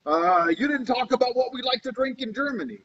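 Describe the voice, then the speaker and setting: A man's voice: very high-pitched, lively intonation, brisk, a bit bright, highs cut off, voice pushed up, heavily acted. A man voicing a big rowdy German heckler who taunts and pushes. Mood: taunting. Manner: taunting, pushy.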